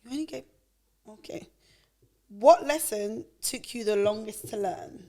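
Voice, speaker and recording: A woman co-hosting a podcast in casual chat, wry and quick to laugh. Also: medium pitch, warm tone. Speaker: podcast co-host.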